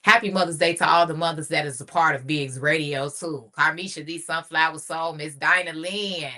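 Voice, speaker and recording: Low, bright-toned chatty woman radio host. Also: moderate pace. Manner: heartfelt, chatty, repeats phrases. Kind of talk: casual solo radio talk.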